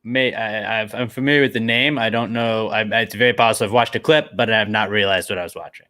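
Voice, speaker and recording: A man's voice: fairly low pitch, steady tone, fast, bright, forceful tone. A man co-hosting a football podcast over a video call, joking and bantering playfully. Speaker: podcast co-host. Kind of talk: casual football chat.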